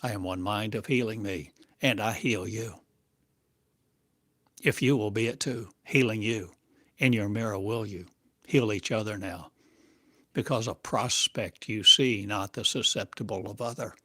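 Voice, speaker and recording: A man as a spiritual teacher, delivering a channeled monologue in slow, halting, cryptic phrases. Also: lowish voice, sharp tone, slightly rough, no room sound, studio quality. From United States.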